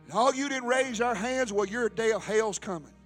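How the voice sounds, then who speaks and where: A man pastor preaching a fiery sermon, often shouting and calling out to the congregation. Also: very high-pitched, normal speed, faint music behind. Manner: shouting, preaching with rising intensity and call-and-response.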